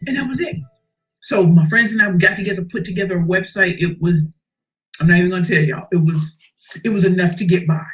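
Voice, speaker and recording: A woman's voice: lowish voice, steady tone, fast talker, rough recording. A woman telling her success story as a motivational speaker, emphatic and preacherly, repeating key phrases and calling the audience y'all. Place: live event stage.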